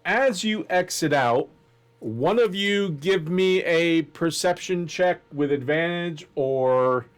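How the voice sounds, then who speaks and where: A man narrating as game master of a tabletop game in a deliberate, descriptive way. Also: a little high, clean tone.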